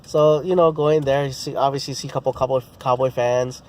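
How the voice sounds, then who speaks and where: A man's voice: medium pitch, steady tone, fast, darkish tone, a little hiss or hum. A man telling a rambling story in casual vlog style, with many restarts and fillers. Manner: rambling, full of restarts and "you know, bro". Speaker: sports vlogger.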